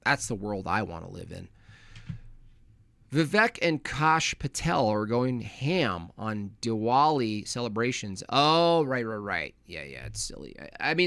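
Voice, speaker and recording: A man's voice: on the low side, big pitch swings, measured pace, creaky, a bit bright, no room sound. A man hosting a livestream, reading chat and ranting in a mocking, opinionated way. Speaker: livestream host.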